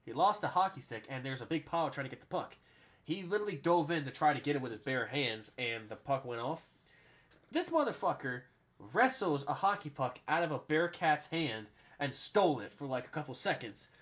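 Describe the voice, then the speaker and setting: Male podcast host, bright forceful voice, rambly, swears, keeps saying "all right?". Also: a little high, sing-song, fairly quick. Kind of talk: casual sports podcast chat.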